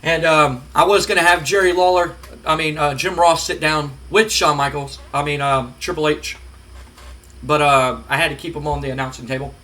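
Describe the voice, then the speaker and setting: A man's voice: a little high, fairly even intonation, normal speed, pushed and bright. A man casually narrating a wrestling simulation game, rambling with fillers. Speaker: game streamer.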